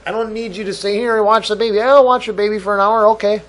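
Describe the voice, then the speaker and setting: A man's voice: high voice, steady tone, fast, fairly bright tone. A man hosting a podcast, ranting profanely and exasperated, acting out both sides of imagined conversations. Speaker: podcast host. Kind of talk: solo rant podcast.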